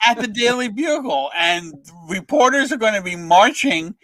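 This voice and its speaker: A man's voice: very high voice, lively intonation, normal speed, bright, forceful tone, dry recording. An older man, a comics writer, telling a story as a guest and acting out the voices in the quotes. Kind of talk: animated anecdote telling.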